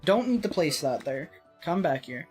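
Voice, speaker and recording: Low-voiced woman rambling over gameplay. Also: big pitch swings, moderate pace, darkish tone, faint music behind. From Texas. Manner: rambling, self-mocking and jokey, with some swearing. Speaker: let's play host. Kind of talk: casual gaming commentary.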